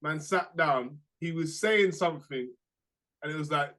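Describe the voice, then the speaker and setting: A young man, chatting casually as a podcast co-host and telling lively stories in slang. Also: fairly high pitch, unhurried. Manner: animated storytelling, slangy, laughs through anecdotes. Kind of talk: casual chat.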